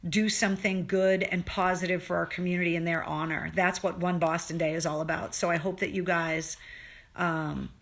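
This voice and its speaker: A woman's voice: on the low side, little pitch movement, normal speed. A woman hosting a casual livestream for her viewers, talking earnestly and emotionally, swearing freely and restarting her sentences as she goes. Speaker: livestream show host.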